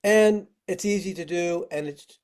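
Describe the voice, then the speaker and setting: Mellow-voiced man teaching on a video call. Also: sits high, unhurried, smooth. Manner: friendly, demonstrating simple tricks step by step. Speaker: firefighting instructor. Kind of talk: virtual training lesson.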